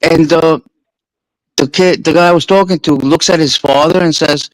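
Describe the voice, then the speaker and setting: A man's voice: a little high, normal speed, no echo, rough recording. Profane New York man telling stories. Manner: profane, animated storyteller. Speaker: streamer. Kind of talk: casual storytelling chat.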